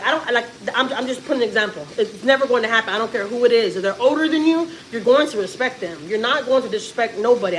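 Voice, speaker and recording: A woman talks to her livestream viewers in a casual, emphatic way, often repeating herself. Her voice sits a little high. Faint sizzling from food frying can be heard behind her. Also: a little hiss or hum, poor audio. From Texas, US. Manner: emphatic, repetitive, restarts often. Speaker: family vlogger.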